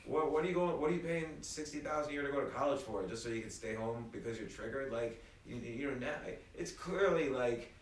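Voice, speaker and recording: Animated man, distant and echoey. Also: medium pitch, brisk, few pauses, slight background noise. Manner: animated storyteller, many restarts. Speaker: guest. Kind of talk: casual conversation. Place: apartment room. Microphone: phone recording from across the room. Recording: echoey room, distant phone mic, faint ambience.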